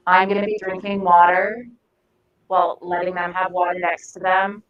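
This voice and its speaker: A woman's voice: on the low side, little pitch movement, moderate pace, dull audio. A woman giving a live training talk to a group in a room, conversational and often searching for words mid-sentence. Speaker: de-escalation trainer.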